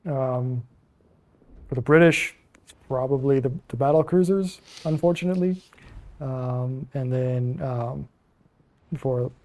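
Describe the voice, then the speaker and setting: A man co-hosting a casual stream, speaking haltingly with many ums between phrases. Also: medium pitch, mellow. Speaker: co-host.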